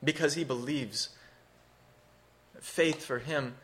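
A man's voice: medium pitch, slow pace, fairly bright tone, slight background noise. A man preaching a sermon, teaching through a scripture passage in an earnest, expository way, rising for emphasis.

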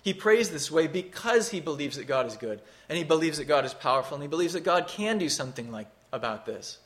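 A man's voice: fairly high pitch, expressive, fast talker. A man preaching a sermon, teaching through a scripture passage in an earnest, expository way, rising for emphasis.

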